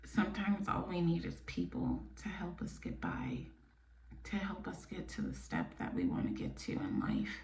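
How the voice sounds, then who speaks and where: A woman from New York hosting her own podcast, talking candidly and bluntly, sometimes dropping to a soft near-whisper. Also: fairly low pitch, huge pitch swings, normal speed, vocal fry, slight background noise. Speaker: podcast host. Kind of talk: casual personal monologue. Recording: echoey room, mic a bit distant.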